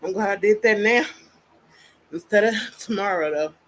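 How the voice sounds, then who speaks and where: A woman's voice: medium pitch, moderate pace, poor audio. A woman vlogging casually, out of breath and venting bluntly with profanity. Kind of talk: casual personal vlog.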